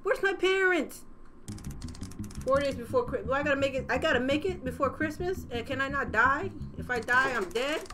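A young woman playing a horror game and reacting out loud, profane and jokey as she goes. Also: high-pitched, lively intonation, normal speed, a little hiss or hum. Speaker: gaming channel host.

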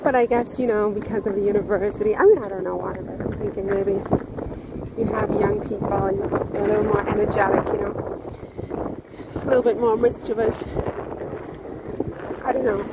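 A woman's voice: medium pitch, fairly even intonation, a little fast, long pauses, heavy background noise. A woman vlogging to camera while walking outdoors, rambling with restarts and asides. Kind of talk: casual vlog talk to camera. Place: outdoors on town streets.

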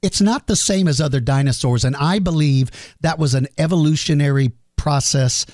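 A man's voice: on the high side, normal speed, a little mellow, no room sound. Middle-aged male podcast host, chatty and self-deprecating, dry studio sound. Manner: chatty, self-deprecating, reads questions aloud. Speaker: podcast host answering listener questions. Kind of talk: casual Q&A monologue.

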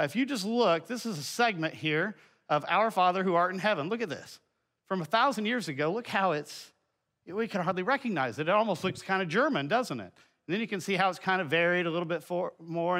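A middle-aged man with a fairly high, sharp-toned voice teaches a children's Bible lesson using slides. His delivery is folksy and chatty, packed with asides and filler words.

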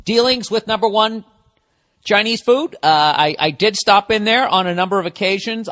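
A man's voice: high-pitched, normal speed, fairly bright tone. A man in his forties from the United States hosting a podcast, rambling through a casual solo monologue full of swearing and wisecracks. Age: 40s. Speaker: podcast host.

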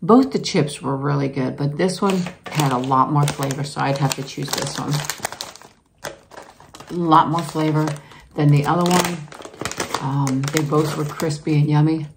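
A woman's voice: low voice, unhurried, gravelly, background noise. A woman vlogger taste-testing snacks, chatting casually to viewers, giggling and talking while she chews. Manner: chatty, giggly, savoring food aloud while chewing. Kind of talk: casual taste-test chat to camera.

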